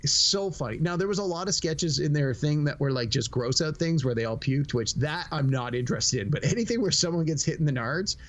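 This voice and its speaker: A middle-aged man co-hosts a casual podcast with a voice sitting a little high for a man. He tells stories with energy and slips into quick impressions of the people he quotes. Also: lo-fi sound. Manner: animated storyteller, acts out quotes. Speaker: podcast co-host. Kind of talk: casual chat.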